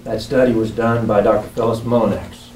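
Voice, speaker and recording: A man's voice: on the low side, level tone, fairly quick, a little mellow. A man giving an impassioned public comment at a town council meeting, telling a story with earnest, building urgency. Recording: echoey council chamber, mic at a distance, faint hum.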